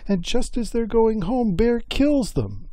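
A man voicing a grieving female salmon spirit in a high, wailing, drawn-out voice for a spoken folk tale. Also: sing-song, mellow, no echo, studio quality, full character voice. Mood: lamenting.

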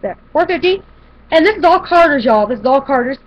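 A woman's voice: high voice, lively intonation, fairly quick. A woman chatting casually to camera as she shows a shopping haul, rambling with fillers and restarts. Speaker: vlogger showing a shopping haul. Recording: dull lo-fi home video audio.

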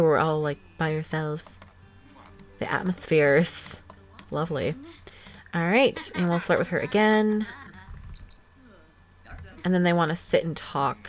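A young woman casually commenting on a life-sim game she plays, chatty and giggly with many fillers, into a desktop microphone. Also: on the low side. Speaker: let's play host. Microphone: desktop USB microphone.

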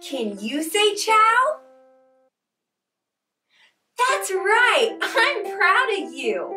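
A woman hosting a preschool lesson, talking to toddlers in a bright, exaggerated, encouraging way and breaking into little sing-along chants. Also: very high-pitched, big pitch swings, drawn-out words, far from the mic, over music. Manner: bright, exaggerated, encouraging kids-show delivery. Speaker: children's show host.

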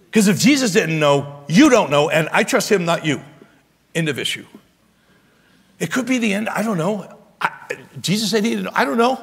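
A man pastor preaching a sermon in an animated way, often stammering and restarting his words. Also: high-pitched, vocal fry, slightly rough. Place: church sanctuary. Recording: long church hall reverb.

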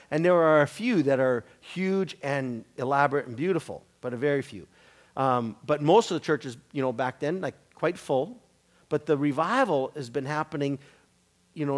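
A man preaching to a church congregation, telling a story in a conversational way and acting out the dialogue of the people in it. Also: fairly high pitch. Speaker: guest preacher. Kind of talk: storytelling sermon.

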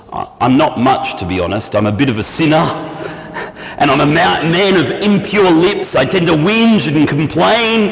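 A man preaching a sermon, animated and acting out prayers and quoted lines in shifting voices. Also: fairly high pitch, moderate pace, gravelly. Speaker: pastor. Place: church hall. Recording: echoey church hall, long reverb.

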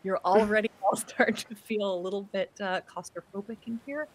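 A woman narrating a tabletop role-playing game as game master, describing scenes in an unhurried way with many fillers and restarts. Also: mid-range voice, steady tone, slight background noise.

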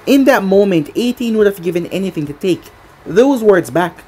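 Husky woman narrating a story. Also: mid-range voice, expressive, normal speed, a little mellow, soft background music. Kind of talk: fan fiction read aloud.

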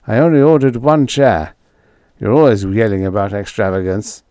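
A breezy, wisecracking young producer, read by a man. He jokes airily with a lively, low-set voice. The sound is close and dry. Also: moderate pace, no room sound, close to an everyday voice. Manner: airy, wisecracking. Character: glib young male TV producer, airy and wisecracking.

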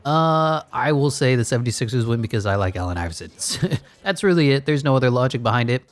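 A man's voice: mid-range voice, animated, fast talker. A man giving casual, playful commentary over a basketball video game, joking at his own made-up rules and slipping into mock play-by-play calls. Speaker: gaming YouTuber.

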